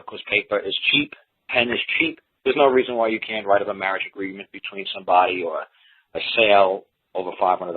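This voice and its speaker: A man hosting a call-in talk show, telling stories in an animated way and acting out the people in them. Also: on the low side, breathy edge. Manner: animated storytelling, swearing, acting out others. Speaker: host. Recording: tinny phone line.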